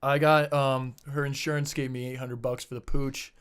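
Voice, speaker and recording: A young man, a podcast guest, casually telling an animated story and swearing freely. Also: mid-range voice, normal speed, clean tone. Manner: animated, swears freely, acts out shouted quotes.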